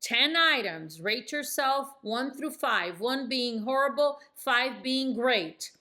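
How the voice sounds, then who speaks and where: A middle-aged woman coaching real estate agents, speaking firmly in falling tones and jumping up high to demonstrate. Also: animated, slow pace, bright, forceful tone. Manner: emphatic, demonstrates phone tones with sudden high pitch jumps; speaks in firm downswings. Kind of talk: coaching lesson to camera.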